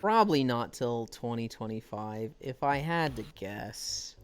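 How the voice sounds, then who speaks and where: A woman streamer chatting casually on a live stream, animated and prone to swearing and exaggerated outbursts. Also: rumbling low, measured pace, faint music behind. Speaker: livestreamer. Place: at home in VR.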